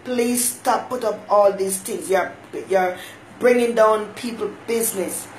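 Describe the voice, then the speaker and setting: A woman's voice: mid-range voice, unhurried, a little hiss or hum, low-quality recording. A woman hosting her own talk show, giving folksy motherly advice and greeting viewers by name. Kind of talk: casual live-stream monologue.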